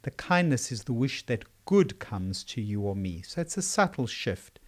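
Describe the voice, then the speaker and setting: A man's voice: medium pitch, big pitch swings, moderate pace. An older man from South Africa with a South African accent, a psychiatrist answering interview questions in a thoughtful, storytelling way. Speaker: psychiatrist guest.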